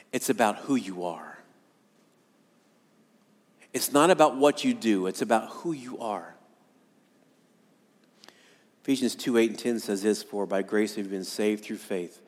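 Man preaching in a reverberant church. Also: lowish voice. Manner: earnest, repetitive, acts out congregants' voices. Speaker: pastor. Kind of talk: sermon. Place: church sanctuary. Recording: long hall reverb.

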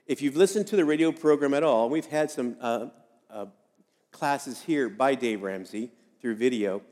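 A man's voice: medium pitch, normal speed, a little mellow, long reverb tail. A man giving a sermon as a pastor, speaking conversationally and repeating key phrases for emphasis.

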